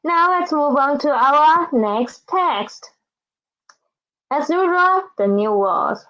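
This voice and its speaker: A woman's voice: high-pitched, animated, takes it slowly, fairly bright tone. A woman teaching a beginner language lesson, speaking patiently and repeating each word so that learners can follow. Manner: patient, repeats words and asks "right?". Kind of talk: slow, careful classroom instruction. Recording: dull, lo-fi recording.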